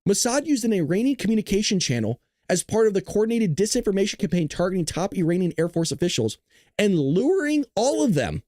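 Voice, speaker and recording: A man's voice: very high-pitched, a little mellow, no room sound, clean studio sound. A man hosting a casual live political commentary stream, talking sarcastically, laughing often and teasing his chat. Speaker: host of a political commentary livestream.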